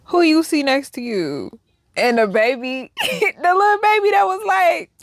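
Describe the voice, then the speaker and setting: A young adult woman giving casual reaction commentary, animated and slangy, swinging between soft musing and loud outbursts. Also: high-pitched, unhurried, dry recording, clean studio sound. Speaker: reaction vlogger.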